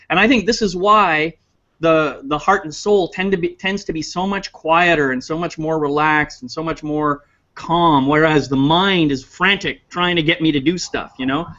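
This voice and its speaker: A man co-hosts a relaxed talk, sharing his thoughts in an earnest, reflective way with a slightly high voice. He laughs easily, and the recording sounds dull and lo-fi. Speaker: co-host. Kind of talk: casual conversation.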